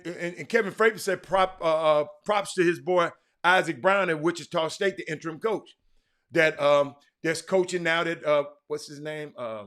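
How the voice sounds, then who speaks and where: A man hosting a casual livestream talk show, rambling and excitable, with lots of fillers and restarts. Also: a little high. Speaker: livestream host.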